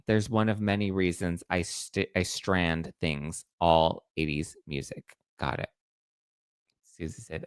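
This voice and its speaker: A man's voice: sits low, fairly even intonation, takes it slowly, clean tone, dry recording. A man hosting a casual pop-culture gossip show, snarky and chatty, acting out quotes in mocking voices. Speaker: entertainment news host.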